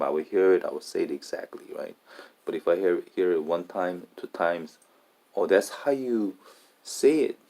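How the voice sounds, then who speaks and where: A man in a casual monologue, talking haltingly and often restarting and repeating his words. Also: extremely low pitch, creaky, a little mellow.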